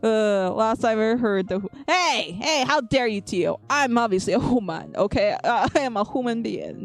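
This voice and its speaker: A woman's voice: on the high side, lively intonation, moderate pace, hardly any pauses, faint music behind. A woman VTuber chatting playfully with her viewers on a live stream, teasing them, repeating herself and laughing often. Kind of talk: live-stream chat with viewers while drawing.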